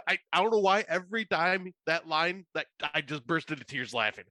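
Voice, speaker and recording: A man with a bright, forceful voice co-hosts a casual podcast chat. He rambles and restarts, swears freely and laughs often. The sound is dry and close, with no room in it. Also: a little high, a little fast, few pauses, no echo. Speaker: podcast co-host.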